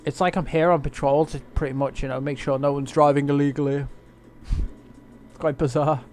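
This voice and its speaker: A man's voice: a little high, little pitch movement, normal speed, darkish tone. A man chatting casually to viewers while he streams a racing game at home at night, rambling and joking as he plays. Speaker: gamer streaming gameplay. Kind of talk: casual live-stream commentary.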